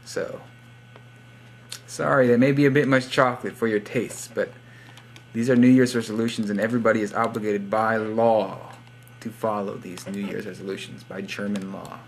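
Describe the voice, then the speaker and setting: Creaky, lowish and flat, this young man's voice moves at a moderate pace over a little hiss or hum. Vlogging from his home computer, he rambles and jokes goofily, hands out shoutouts, and now and then slips into fake accents.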